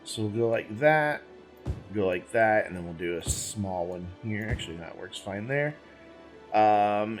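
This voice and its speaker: A man's voice: on the low side, expressive, a little slow, faint music behind. A man hosting a gaming channel, giving casual let's-play commentary as he plays, thinking aloud, rambling and correcting himself, with the hiccups.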